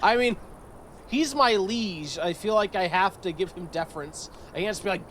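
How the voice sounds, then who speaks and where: Brief: higher-pitched male streamer, wry and sarcastic, reads game text with a faint hiss behind him. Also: moderate pace, a bit bright, rough recording. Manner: joking, sarcastic. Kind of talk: casual game commentary, reading event text aloud.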